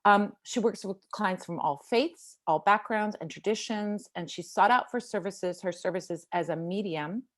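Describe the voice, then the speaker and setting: A woman's voice: medium pitch, moderate pace, few pauses. A woman hosting a live video call, introducing her guest with effusive, enthusiastic praise. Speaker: host. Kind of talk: casual chat on a video call.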